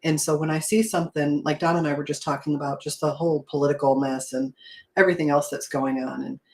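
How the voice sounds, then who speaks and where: A woman's voice: deep voice, steady tone, fast talker. A woman hosting a casual faith talk, telling her story in an earnest, reflective way. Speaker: host.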